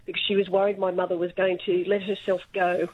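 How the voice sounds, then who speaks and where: A woman's voice: lowish voice, flat delivery, fast talker, breathy edge, phone-quality sound. An Australian woman in her fifties phoning a radio show, telling a story in a chatty, amused way. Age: 50s. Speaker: radio caller. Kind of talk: phone-in reminiscing.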